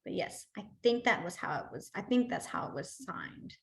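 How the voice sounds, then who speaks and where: A woman's voice: medium pitch, expressive, normal speed, creaky. A young adult woman teaching a sign language class online, chatty and rambling, with many fillers and easy laughter.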